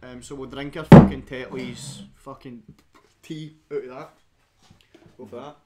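A man's voice: medium pitch, fairly even intonation, measured pace, warm tone, slight background noise. A young Scottish man hosting a casual beer-drinking stream, full of rowdy, sweary banter. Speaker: stream host. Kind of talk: casual chat.

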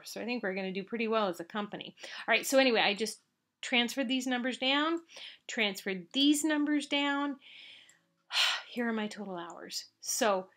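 A woman lectures through an accounting exercise step by step. Her delivery is casual and conversational, with asides and frequent "all right?" check-ins. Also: mid-range voice. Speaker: accounting instructor. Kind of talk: lecture walking through a problem.

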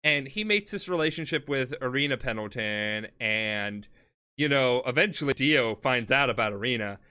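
A tipsy man hosting a podcast, telling a story in a casual, profane way and jumping into shouted character voices. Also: medium pitch, animated, moderate pace, clean tone. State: drunk. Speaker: podcast host.

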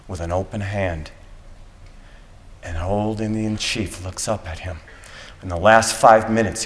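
A man giving a graduation speech, telling a dramatic story with slow, deliberate pauses. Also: lowish voice, a bit bright. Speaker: commencement speaker. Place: school graduation ceremony. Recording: echoey hall from a PA.

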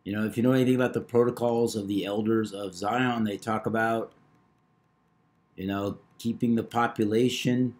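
A man hosting a video, talking through number patterns in a measured, knowing way. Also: lowish voice, fairly even intonation, a little mellow. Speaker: numerology video host. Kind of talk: casual monologue.

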